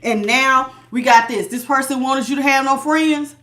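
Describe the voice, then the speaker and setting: A middle-aged woman giving a casual tarot reading to her viewers, animated and laughing, calling them honey and baby. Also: sits high, normal speed. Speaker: tarot reader.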